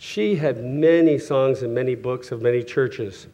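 Middle-aged man, preacher, casual storytelling sermon, self-correcting, soft chuckles, acts out quotes, average pitch. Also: a little slow. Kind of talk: sermon with personal stories.

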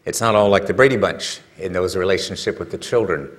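Brief: male pastor, low-pitched, relaxed chat style of sermon that swells into emphatic questions. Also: fairly quick. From California. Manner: conversational, rhetorical questions, builds to emphatic peaks. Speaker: preacher.

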